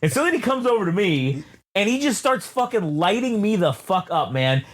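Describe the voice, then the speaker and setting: A man co-hosting a podcast tells a rambling, profane story, swearing constantly and restarting sentences. His voice sits high and swings wildly in pitch. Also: big pitch swings, moderate pace, a bit bright. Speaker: podcast co-host. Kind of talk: profane, rambling casual chat.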